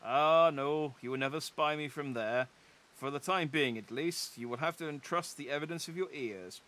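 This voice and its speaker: A man's voice: a little high, normal speed, fairly bright tone, pitched above the performer's own voice, lightly acted. A man voicing a smug male rival in a video game, speaking in a theatrical, taunting, raised tone. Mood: gloating.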